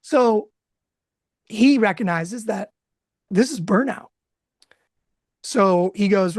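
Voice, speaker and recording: An emotional, expressive man in his thirties tells a candid personal story. His voice is fairly high and husky. It sits close and dry on the mic. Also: slow pace, long pauses, dry recording. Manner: emotional, expressive, laughs often. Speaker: guest speaker.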